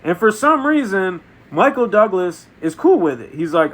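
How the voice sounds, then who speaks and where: Man, film reviewer, deadpan comic storyteller, a bit high-pitched. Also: moderate pace, hardly any pauses. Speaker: movie reviewer. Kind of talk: comedic spoken movie review.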